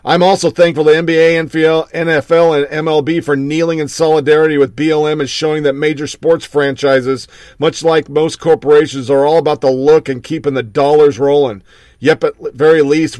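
A man's voice: on the high side, darkish tone, no room sound. Sarcastic male talk-show host, dry close sound. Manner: sarcastic, reads news items aloud. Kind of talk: opinionated talk-show commentary.

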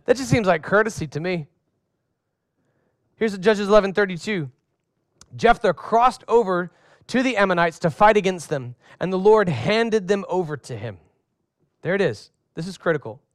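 A man with a high voice preaches a lively sermon, slipping into acted-out voices for comic effect and calling on the congregation to respond. The sound is close and dry, with no room around it. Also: moderate pace, pauses often, no echo. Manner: asks the congregation questions and has them respond. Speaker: pastor.

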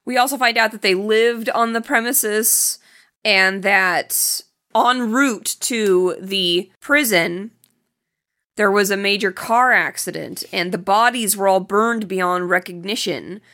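A woman's voice: medium pitch, slow, bright, forceful tone. A woman co-hosting a podcast, casually recapping a film in chatty conversation. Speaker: podcast co-host.

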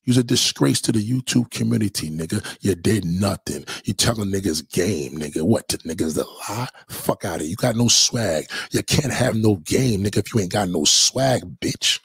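A man's voice: fairly low pitch, moderate pace, vocal fry, hardly any pauses, breathy edge, dry recording. A man, from Brooklyn, hurling mocking, profane insults in a livestream rant. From Brooklyn, New York. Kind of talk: trash-talking livestream rant.

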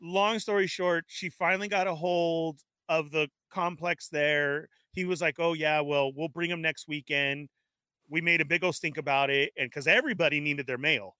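A man telling an animated story in casual chat, laughing often and acting out the dialogue. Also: a little high, moderate pace, smooth, dry recording. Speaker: show regular telling a story.

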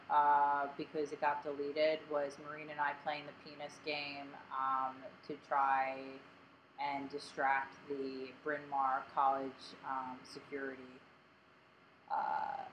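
A woman co-hosting a casual podcast, her voice sitting low and a little grating. She rambles through fillers and self-deprecating asides, and a faint hiss of noise runs under the recording. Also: a bit bright, poor audio. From Delaware County, Pennsylvania. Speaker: podcast co-host.

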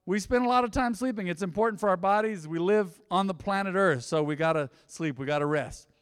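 A man's voice: high voice, fairly quick, smooth, long reverb tail. A man in his thirties preaching a casual, conversational sermon to a church congregation, full of rhetorical questions and asides. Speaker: pastor. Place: church sanctuary.

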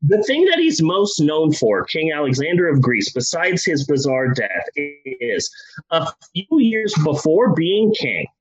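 A man co-hosting a podcast, telling a history story in a comedic, profane and animated way over dull lo-fi sound. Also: fairly high pitch, unhurried, slightly rough.

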